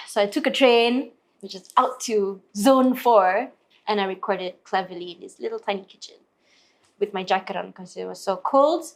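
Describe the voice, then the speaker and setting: A woman's voice: mid-range voice, normal speed. A woman, a singer telling stories as an interview guest and acting out other people's lines. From Malaysia. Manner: lively, acts out other people's lines in put-on voices. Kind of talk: storytelling in an interview.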